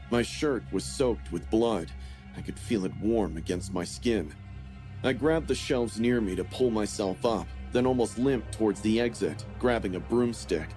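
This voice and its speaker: Low-voiced man narrating grim horror. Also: normal speed, soft background music. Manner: steady, grim storytelling. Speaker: story narrator. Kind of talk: scripted first-person horror narration.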